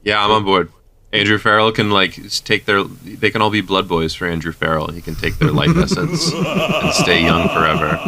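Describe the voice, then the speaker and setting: Deep, forceful jokey co-host. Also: male voice, animated, moderate pace. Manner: jokey, emphatic asides. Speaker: podcast co-host. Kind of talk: casual chat.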